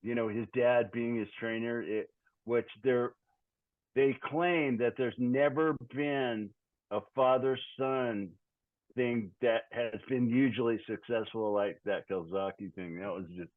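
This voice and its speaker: A man's voice: medium pitch, slow pace, no echo. A man in his sixties, a guest musician, chatting in an easygoing, rambling way over a remote call. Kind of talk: casual podcast chat. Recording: tinny phone-like call audio.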